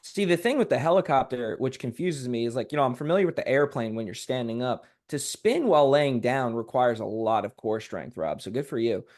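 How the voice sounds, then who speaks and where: A man's voice: medium pitch, expressive, brisk, hardly any pauses, darkish tone. A man with a mid-range voice rambles through comedic riffs in casual podcast chat. He hedges and restarts as he thinks aloud. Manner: rambling, hedging with fillers. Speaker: comedian guest.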